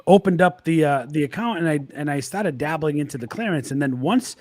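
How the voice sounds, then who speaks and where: A man's voice: a little high, a little fast, a little mellow. A man speaking as a guest on a livestream, telling a story casually and quoting his own past thoughts. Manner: storytelling with quoted asides.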